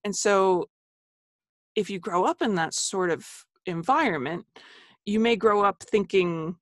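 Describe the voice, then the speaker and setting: A woman's voice: mid-range voice, expressive, a little slow, no room sound, studio quality. A woman author being interviewed on a podcast, explaining ideas earnestly and laughing easily. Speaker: author and guest.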